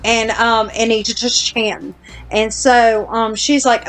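A woman's voice: on the high side, flat delivery, slow, a bit bright, soft background music. A woman podcast host telling a long story in casual chat, blunt and self-deprecating, with casual swearing.

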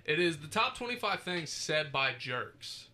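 A man's voice: on the high side, sing-song, unhurried, sharp tone. A man hosting a podcast, reading from a list and joking around casually with friends, swearing freely. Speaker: podcast host.

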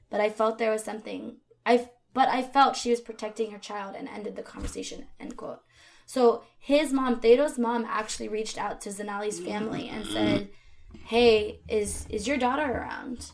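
Gravelly woman recounting a true crime case. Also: medium pitch, moderate pace, darkish tone. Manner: conversational, with fillers and asides. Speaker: podcast co-host. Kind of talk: true crime podcast narration.

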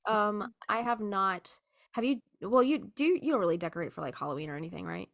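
A woman's voice: medium pitch, animated, fairly quick, gravelly, a bit bright, no room sound, studio quality. A young adult woman co-hosting a podcast in casual chat, talkative, swearing freely and laughing easily. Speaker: podcast co-host.

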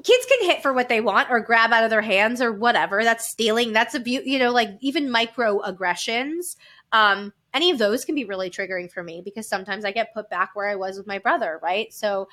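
A woman's voice: a little high, expressive, fairly quick, pushed and bright. A woman in her thirties, a podcast guest, talking openly and with animation, often laughing. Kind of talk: candid personal storytelling.

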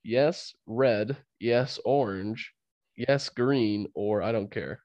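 A man's voice: mid-range voice, extremely slow, a little mellow, no echo, dull audio. A man with a cold hosting a casual sports podcast, laughing often and rambling with restarts. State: fighting a cold. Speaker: podcast host.

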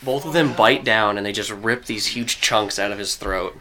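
A man's voice: fairly low pitch, normal speed, pushed and bright. A man narrating as game master of a tabletop role-playing game, casual and vivid, with many filler words.

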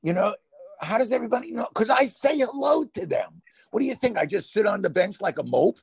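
Gravelly Brooklyn man, animated and rambling. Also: sits high, fairly quick, no room sound. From New York. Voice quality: gravelly, husky. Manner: animated, rambling, laughs often, voice jumps up when excited. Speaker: podcast co-host. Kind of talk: casual podcast chat.

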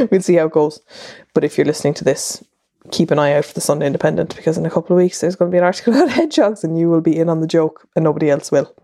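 A woman's voice: low voice, very fast, mellow, no room sound. An Irish woman in her thirties hosting a podcast, talking in a chatty, rambling monologue that wanders and restarts itself. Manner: chatty, wandering, self-interrupting. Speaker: podcast host and columnist.

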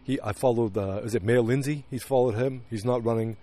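A man putting on the voice of a weary, deflated middle-aged husband, speaking low and haltingly, recorded on a handheld recorder outdoors beside woods. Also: mellow, close to an everyday voice. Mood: glum.

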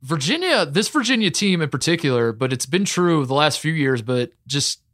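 A man talking casually about college basketball as a podcast co-host, excitable and rambling with many fillers. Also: fairly high pitch, normal speed, no echo, clean studio sound. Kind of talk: casual sports talk.

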